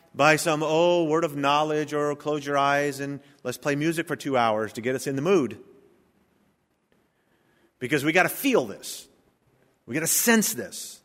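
A man preaching a sermon as pastor, emphatic, building to loud stressed peaks. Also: a little high. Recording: long hall reverb.

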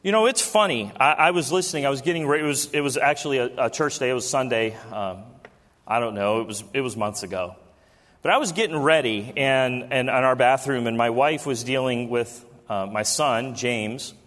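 A man's voice: medium pitch, moderate pace, fairly bright tone. A man in his thirties preaching a sermon as a pastor, speaking conversationally and throwing rhetorical questions to his congregation in a church. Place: church sanctuary during a service. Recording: long reverb of a large hall.

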